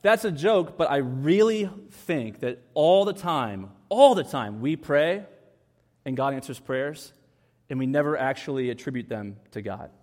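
A man in his thirties preaching a sermon, reading scripture and telling stories with lively acted-out voices. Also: medium pitch, a little slow, long reverb tail. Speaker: pastor.

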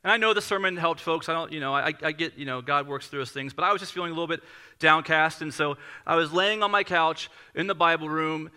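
A male pastor in his thirties preaches to his congregation with a piercingly bright, edgy tone that sits a little high for a man. He talks in a loose, conversational way, telling stories at his own expense as he builds toward his point. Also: fast talker, clean tone. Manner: conversational, self-deprecating storytelling. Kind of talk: sermon.

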